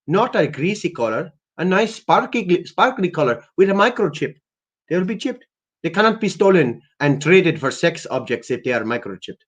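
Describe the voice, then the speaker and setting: Man playing an odd polite male prank caller, raised pitch, stiff formal phrasing. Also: big pitch swings, normal speed. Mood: earnest. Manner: formal, repeats "my friend".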